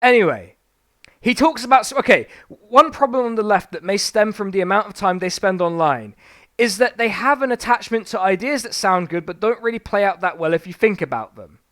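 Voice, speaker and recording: A high, animated male voice that leaps all over its range as he reads passages aloud and then tears into them. He rants sarcastically and swears freely, in the loose manner of a live-stream book review. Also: a little fast.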